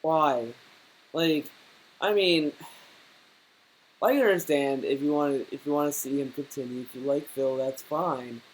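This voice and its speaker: A man rants through a reaction commentary, tripping over his words and doubling back on himself. His pitch sits in an ordinary middle range, and he swears freely as he talks. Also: fairly even intonation, a little slow, pauses often, low-quality recording. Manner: stammering, repeats words, swears. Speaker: YouTube commentator.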